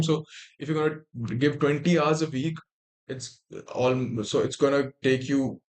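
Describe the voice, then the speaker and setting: A young man with an Indian English accent on a casual livestream, reading text aloud and breaking off into muttered asides and restarts. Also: mid-range voice.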